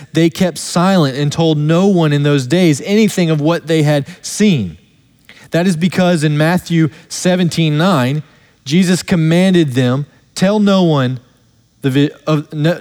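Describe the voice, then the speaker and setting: A man preaches in a somewhat high voice, and his words trail off into the long reverb of a church sanctuary. He reads scripture slowly and with weight, then moves on in earnest explanation. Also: a little mellow. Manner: earnest expository preaching, slows down to stress quoted verses. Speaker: pastor. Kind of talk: sermon.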